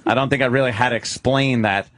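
A man's voice: mid-range voice, fairly even intonation, fast, a bit bright. A man nearing fifty, a podcast host chatting casually, rambling and self-deprecating with lots of swearing. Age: 40s.

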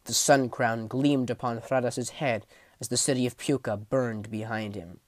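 A man reading a fantasy novel aloud as an audiobook, telling the story vividly, rising in the battle scenes and sinking low for menace. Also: steady tone, normal speed, no room sound. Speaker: audiobook narrator. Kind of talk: dramatic audiobook narration.

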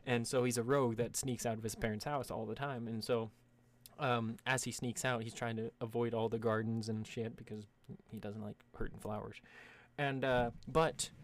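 Casual male player, profane and rambling, ordinary pitch. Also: fairly even intonation, moderate pace. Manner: profane, rambling, breaks into high squealing voices for jokes. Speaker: player inventing a character. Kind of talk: casual tabletop chat.

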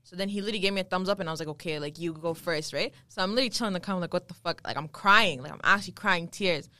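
Young female co-host, quick profane storyteller, lower voice, dry close mic. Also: sharp tone, no echo. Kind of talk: casual group chat.

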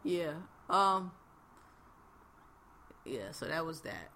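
Bright-voiced woman chatting bluntly. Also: deep voice, big pitch swings, very slow. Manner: blunt, laughing, heavy slang and fillers. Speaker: podcast host. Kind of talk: casual chat recapping reality TV.

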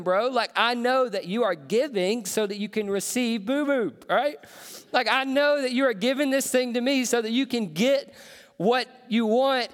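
A man in his thirties, a pastor preaching a sermon in a casual, joking, conversational way with some slang. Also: on the high side. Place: church auditorium. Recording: reverberant hall.

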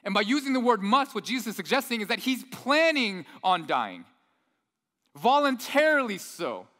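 A pastor preaching a sermon with lively storytelling, acting out the quoted lines himself. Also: male voice, sits high, normal speed, big-room sound, soft background music. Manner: animated storyteller, acts out quotes.

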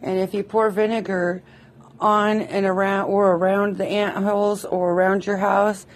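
A woman's voice: medium pitch, little pitch movement, normal speed. A woman leaving a friendly, chatty voice message. She repeats herself and giggles as she talks. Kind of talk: casual voice message.

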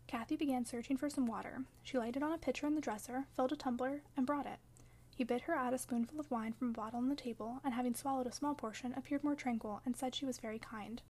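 A woman narrating a classic novel as an audiobook, in measured, even storytelling. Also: sits high.

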